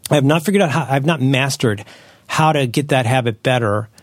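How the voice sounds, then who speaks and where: A man hosting a podcast, chatting casually as a parent, rambling and correcting himself as he tells animated stories. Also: medium pitch, a little fast, slight background noise. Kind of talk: casual chat.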